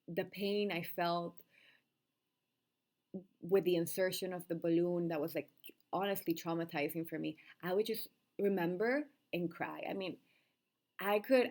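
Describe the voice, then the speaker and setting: Gravelly-voiced woman, candid and emotional. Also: on the low side. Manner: emotional, earnest, rambling with restarts and soft laughs. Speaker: vlogger sharing her birth story. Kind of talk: candid unscripted monologue to camera.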